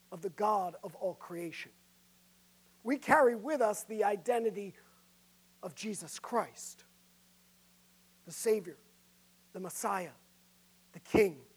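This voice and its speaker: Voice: medium pitch, husky. Emphatic preacher questioning the congregation. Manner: emphatic, asks the audience questions. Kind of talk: sermon.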